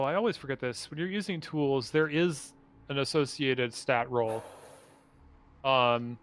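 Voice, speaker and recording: Halting, bright-voiced man running a game. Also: medium pitch, a little hiss or hum. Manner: rambling, halting, many restarts. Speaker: dungeon master.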